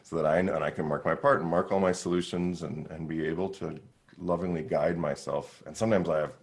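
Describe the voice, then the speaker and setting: A middle-aged man, a horn player and teacher, answering questions in a relaxed way and acting out his own thoughts with frequent laughs. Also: extremely low pitch. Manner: animated, acts out quoted thoughts, laughs often.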